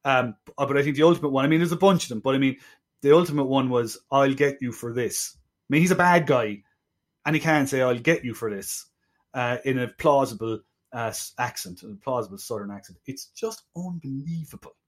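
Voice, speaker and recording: This film podcast co-host, a man with a mid-range voice, talks briskly in casual review chat. His speech is full of hesitant restarts, and he sounds exasperated, as if he can't believe what he's describing.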